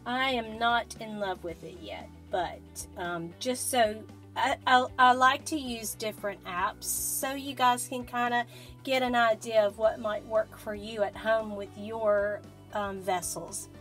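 Woman vlog host, slow unhurried delivery, gushing and giggly, faking an accent, music playing underneath. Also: a little high, fairly bright tone. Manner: gushing and giggly, talks to the doll; using a fake accent. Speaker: host of a haunted doll channel. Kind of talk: casual vlog, spirit session.

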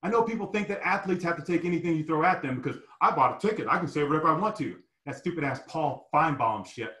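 A middle-aged man recounts his past in an emotional, profane storytelling style. His voice sits fairly high and leaps even higher when he quotes himself. The room around him rings with echo. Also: fast talker. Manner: animated, profane, raises voice sharply when quoting himself. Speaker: storyteller recounting personal experiences. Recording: echoey room.

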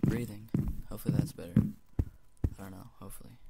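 A man's voice: on the low side, steady tone, normal speed, creaky, few pauses, very noisy. A man giving rambling let's-play commentary on a gaming headset, mumbling and drifting into whispered asides. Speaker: gamer commentator.

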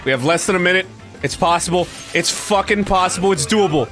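A man's voice: sits high, fairly quick, fairly bright tone, soft background music. A young man streaming a video game, reacting aloud with frequent swearing and sudden frustrated outbursts. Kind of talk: casual gaming stream commentary.

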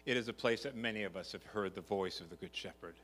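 Speaking quickly in a lowish, slightly bright voice, an older pastor delivers an earnest sermon that climbs into emphatic repetition. It's recorded in a church sanctuary, with a long reverb and a faint hum in the background.

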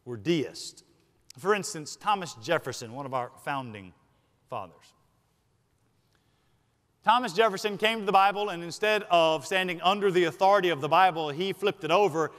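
A Southern-accented male pastor preaches a sermon in a high voice, pressing on key words and slowing them down for weight. He hurries through his asides. His voice rings out with the long reverb of a church sanctuary. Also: fairly bright tone. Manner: emphatic, slows for stress, then rushes asides. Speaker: senior pastor.

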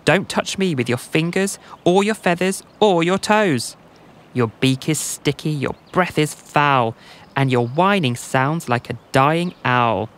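A man's voice: a little high, lively intonation, a little slow, fairly bright tone, a little hiss or hum. A man voicing a grumpy, prickly female cactus in a rhymed bedtime story, snappy and scornful.

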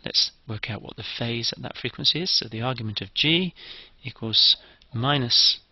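A man's voice: mid-range voice, normal speed, no echo, dull audio. A man giving a methodical, step-by-step engineering lecture.

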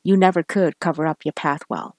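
A woman's voice: low voice, steady tone, a little fast, no echo, natural voice. Woman playing a tough protective detective, urgent, commanding, dry close sound.

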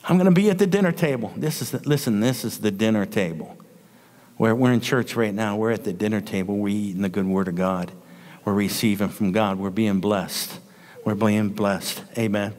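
A man's voice: mid-range voice, unhurried, darkish tone, big-room sound. A man preaching a sermon in a church, leading call-and-response with repeated amens and hallelujahs and reading scripture aloud with small stumbles. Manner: reads scripture aloud, stumbling over words. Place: church sanctuary.

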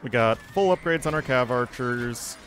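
A man's voice: mid-range voice, animated, moderate pace, a bit bright, faint music behind. A man, chatting offhand through his own strategy game playthrough as a streamer, muttering remarks to himself. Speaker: gaming streamer. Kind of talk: casual gameplay commentary.

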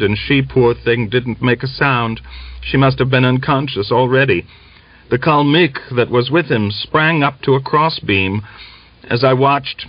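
A man's voice: mid-range voice, no echo, pitched above the performer's own voice, close to an everyday voice. A man voicing a frightened peasant woman who tells her story through sobs, in a breathless, tearful way. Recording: dull lo-fi dry recording.

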